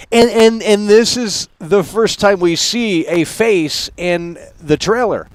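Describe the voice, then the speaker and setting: A man's voice: sits high, slow, hardly any pauses. A man hosting a live stream talk show, ranting in a profane, exasperated way and laughing scornfully as he mocks what he sees. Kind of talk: unscripted live stream rant.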